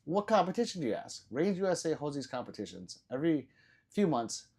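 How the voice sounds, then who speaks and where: A man's voice: on the high side, very animated, a little fast, darkish tone, breathy edge. Male streamer, casual and swear-prone, chuckling through viewer comments; voice swings up and down a lot. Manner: laughs often, swears casually, reads viewer comments aloud. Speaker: livestream host reading chat. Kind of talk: casual live-stream chat.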